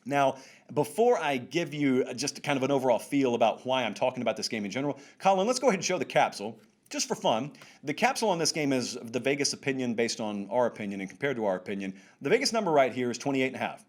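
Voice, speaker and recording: Animated wry male sports talk host. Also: mid-range voice, quick pace. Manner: wry and sarcastic, emphatic rises. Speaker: show host.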